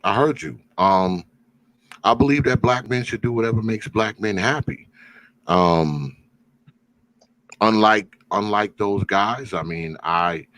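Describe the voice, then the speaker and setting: Deep-voiced laid-back man hosting a live stream. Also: a bit bright, poor audio. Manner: laid-back, laughs often, drawn-out fillers. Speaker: host of live call-in stream. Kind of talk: casual live-stream chat.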